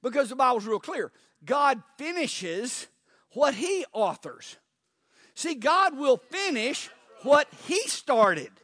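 A man preaching in a fairly high voice, firing pointed questions at his listeners and then pausing to let them sink in. The sound is dry and close, with no room echo. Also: sing-song, fairly bright tone. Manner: pauses for emphasis. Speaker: pastor. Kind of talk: sermon.

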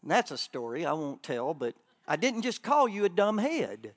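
A man preaching a sermon at a church conference, joking with the crowd and swinging between loud bursts and quiet asides. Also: fairly high pitch, sing-song, moderate pace.

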